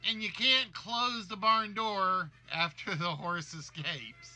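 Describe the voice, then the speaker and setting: A man's voice: sits high, fairly even intonation, slow, pushed and bright, faint music behind. A man hosting a livestreamed list game show, reading out guesses and cracking jokes. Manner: jokey, reads guesses aloud.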